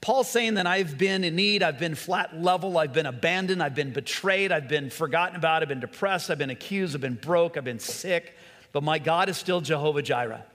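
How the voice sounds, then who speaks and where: A man preaching a sermon, earnest and repetitive, sometimes dropping to a soft, quiet voice. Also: on the high side, moderate pace. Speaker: pastor. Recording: long hall reverb.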